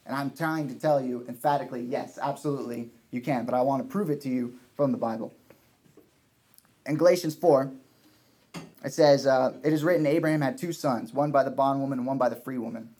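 A man's voice: mid-range voice, a little fast, dark tone. A man preaching a sermon, earnest, often restarting and repeating his points for emphasis.

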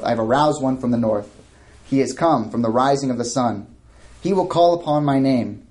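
A man's voice: medium pitch, a little mellow. A man leading a verse-by-verse Bible study, reading scripture aloud and commenting in a conversational way with frequent restarts and asides. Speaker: Bible teacher.

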